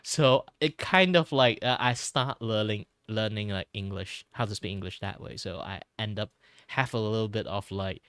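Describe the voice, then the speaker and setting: A young man from Malaysia chatting casually on his art stream, with a lowish voice. He rambles, leaning on "like" and repeated words, and the sound is dry and close. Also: moderate pace, a bit bright, clear, resonant tone, no echo. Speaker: streamer, artist.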